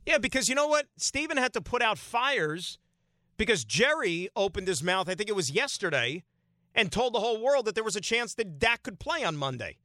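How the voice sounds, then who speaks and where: A man's voice: high-pitched, sing-song, moderate pace, bright, forceful tone, no room sound, clean studio sound. A man hosting a sports talk radio show, giving an opinionated monologue full of rhetorical questions.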